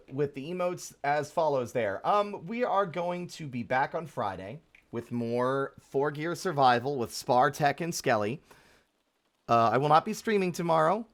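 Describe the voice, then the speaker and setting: A young man chats off the cuff while streaming a game, frank and grumbling, with plenty of swearing. His voice sits at an ordinary middle pitch for a man. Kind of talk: casual live-stream commentary.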